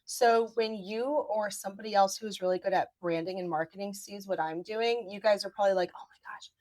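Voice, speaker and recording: A woman attorney, a podcast guest, giving legal advice in a steady run of points. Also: mid-range voice, a little fast, dry recording. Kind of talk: podcast interview.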